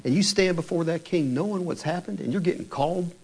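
A married man preaching a sermon in an animated way, asking many rhetorical questions and retelling scripture. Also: fairly high pitch, fast, husky. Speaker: pastor.

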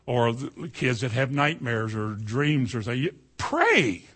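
A middle-aged man preaching a sermon in a folksy storytelling way, dropping to a hush and then rising to loud cries. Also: mid-range voice, very animated, a little slow, breathy edge.

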